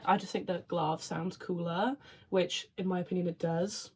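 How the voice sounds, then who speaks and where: A woman's voice: on the low side, fairly even intonation, a little mellow, breathy edge. A young woman from Wales, a university student, chatting casually to camera in a bubbly, rambling way. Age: young adult. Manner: chatty, bubbly, with quick asides. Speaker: vlogger, marine biology student.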